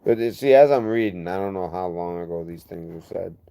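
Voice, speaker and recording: Low gravelly man chatting on a livestream. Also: dark tone. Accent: lazy-sounding regional accent. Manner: rambling, gets heated and fast when defending himself. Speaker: livestream host. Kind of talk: casual livestream chat reading comments.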